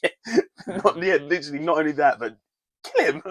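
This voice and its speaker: A man's voice: fairly high pitch, wildly swooping pitch, moderate pace, fairly bright tone. A man co-hosting a podcast, chatting casually and laughing often, trailing off mid-sentence. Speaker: podcast co-host. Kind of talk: casual chat.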